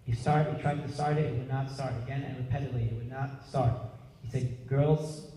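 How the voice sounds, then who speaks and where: A man's voice: mid-range voice, steady tone, a little fast, mellow. Earnest young man in an echoey hall. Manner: earnest, heartfelt, clears throat often. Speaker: grandson giving a eulogy. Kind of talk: memorial speech. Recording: echoey hall from far off, faint hiss.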